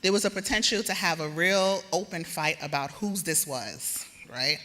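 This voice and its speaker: A woman giving a speech at a gala, lively and laughing as she coaxes the crowd. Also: lowish voice, moderate pace, a little hiss or hum. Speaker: award presenter and gala speaker. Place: large event hall with a crowd. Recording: echoey hall with crowd murmur.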